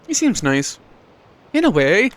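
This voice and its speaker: Tired, friendly, inquisitive village woman with a mock Welsh lilt; a man reads her, pitched up high. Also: big pitch swings, a little slow. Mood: chatty. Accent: put-on Welsh lilt. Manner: chatty, inquisitive.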